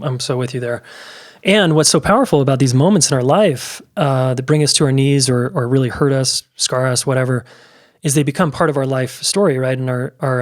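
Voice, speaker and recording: Male podcast host, reflective and affirming, middle pitch. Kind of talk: interview conversation.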